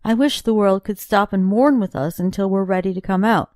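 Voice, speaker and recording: A woman's voice: fairly quick, no room sound, studio quality, natural voice. A woman reading as a weary grieving young husband. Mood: quiet grief. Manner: lowered, tired voice, bursts into shouting.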